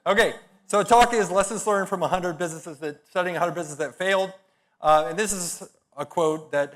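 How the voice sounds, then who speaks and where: Energetic middle-aged man giving a talk. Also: on the high side. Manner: punchy storytelling with blunt, profane humor. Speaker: conference speaker.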